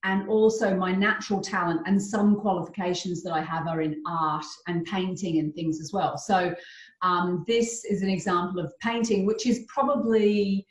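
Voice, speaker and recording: A woman's voice: on the low side, fairly even intonation, normal speed. Middle-aged aussie lady chatting over a video call, laughs a lot, kinda echoey room. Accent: Australian, softened by years in southern England. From Australia. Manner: chatty, laughs easily, self-correcting restarts. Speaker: guest, therapist and painter. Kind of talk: casual video-call chat.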